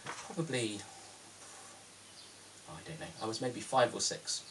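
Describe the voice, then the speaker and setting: A man in his thirties from London, England, with a British accent answers viewer questions in a chatty, self-deprecating Q&A vlog full of ums. He speaks a little slowly in a fairly low voice, with a distant mic and background noise.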